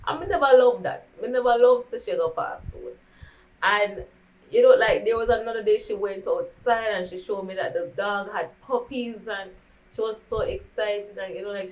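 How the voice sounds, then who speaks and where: A young woman with a Jamaican accent telling a candid storytime vlog, slipping into patois as she talks. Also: medium pitch. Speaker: vlogger. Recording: dull lo-fi recording.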